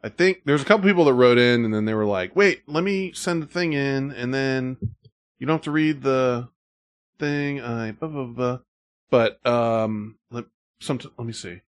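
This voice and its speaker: A man's voice: mid-range voice, moderate pace, no room sound. A man hosting a podcast, chatting casually, laughing often and reading listener letters aloud. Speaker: podcast host.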